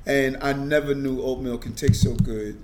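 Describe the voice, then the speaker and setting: A man's voice: mid-range voice, steady tone, normal speed, very noisy. A middle-aged man talking earnestly as a guest in an interview, often repeating a word as he starts a sentence. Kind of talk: casual conversation.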